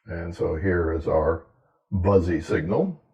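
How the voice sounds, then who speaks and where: Man, deep voice, gravelly, measured explanatory lecture, research talk. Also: darkish tone, dull audio. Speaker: hearing researcher. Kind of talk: scripted lecture narration.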